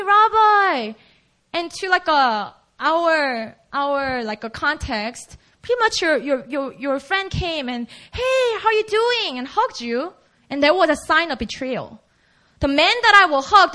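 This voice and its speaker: A woman's voice: high voice, pushed and bright. A woman preaching a sermon in a casual, conversational way, acting out the quoted lines.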